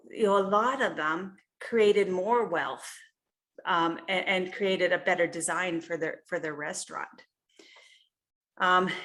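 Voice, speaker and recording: A woman's voice: medium pitch, a bit bright. Chatty woman coaching on a video call. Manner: conversational, peppered with "you know" and "right?". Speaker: health coach. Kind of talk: casual coaching talk.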